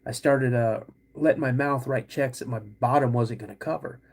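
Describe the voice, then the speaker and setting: A man with a husky, slightly rough voice tells a personal story to his listeners in a relaxed, casual way. He is animated and acts out the other people's lines as he goes. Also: mid-range voice, normal speed. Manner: animated, acts out quoted dialogue. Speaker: podcast host.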